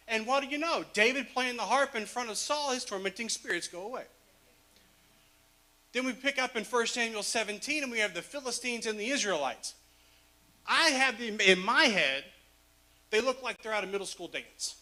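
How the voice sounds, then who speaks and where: A man preaches a sermon in a relaxed, joking storytelling way, laughing as he goes. His voice sits high for a man and has a bright, forward edge. He sounds chatty and easygoing at the pulpit. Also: moderate pace. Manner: casual, humorous storytelling with laughs. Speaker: pastor.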